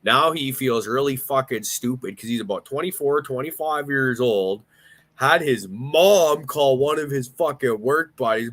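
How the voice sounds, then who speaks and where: A man's voice: mid-range voice, normal speed, fairly bright tone. A man telling a rambling story in casual chat, swearing a lot and restarting his sentences. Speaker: podcast host.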